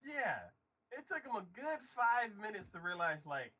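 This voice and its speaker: A man co-hosts a laid-back anime podcast and fills his talk with "like" as he goes. He retells scenes by jumping into exaggerated character voices. His voice is husky and swings widely in pitch, and the audio sounds dull and lo-fi. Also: sing-song, slow pace, pauses often, pushed and bright. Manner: many fillers like "like". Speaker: podcast co-host. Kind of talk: casual anime discussion.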